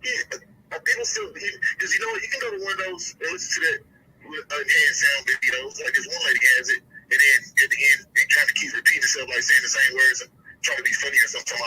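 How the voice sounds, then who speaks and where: A man's voice: huge pitch swings, quick pace, creaky, pushed and bright. A man on a phone call, talking casually and emphatically, rambling as he breaks down his point. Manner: rambling, emphatic, swoops up high when making a point. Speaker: guest commentator.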